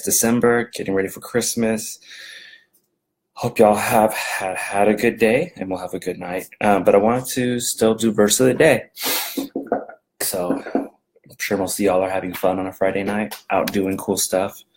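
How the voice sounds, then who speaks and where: A man's voice: fairly low pitch, a little mellow, rough recording. A man giving a casual daily Bible verse talk from home, rambling and conversational, with many fillers and restarts. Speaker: devotional video host.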